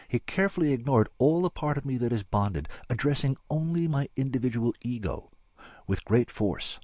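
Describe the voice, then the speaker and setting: A man narrating a science fiction story in a measured, wry way. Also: mid-range voice, lively intonation, mellow, dry recording. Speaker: audiobook narrator. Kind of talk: scripted narration.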